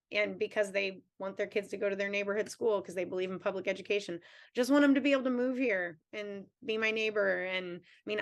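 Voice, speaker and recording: A woman in her thirties, a teachers' union president, answering questions at a town hall in an earnest, candid way with long run-on thoughts. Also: medium pitch.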